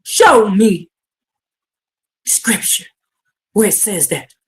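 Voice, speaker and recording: Fervent woman preacher, lively pitch. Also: drawn-out words. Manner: fervent, rising to shouted exhortation. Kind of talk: livestreamed sermon.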